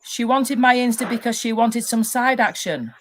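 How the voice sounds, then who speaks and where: A woman's voice: a little high, normal speed. A woman furiously ranting and swearing as a guest on a live stream. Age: adult, married. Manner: furious, swearing heavily, loud outbursts. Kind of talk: angry rant on a live stream.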